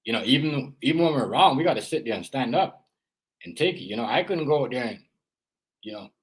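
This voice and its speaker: A man's voice: medium pitch, lively intonation, brisk, low-quality recording. A man and father giving casual reaction commentary, rambling and earnest, filling his talk with "you know" and "as I said". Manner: earnest, lecturing tone about parenting. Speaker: parent and reaction vlogger.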